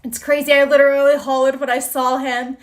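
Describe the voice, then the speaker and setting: A woman's voice: sits high, flat delivery, a little fast. A woman hosting a casual livestream chat, greeting viewers and reading their comments in a bubbly, exclamatory way. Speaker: livestream host.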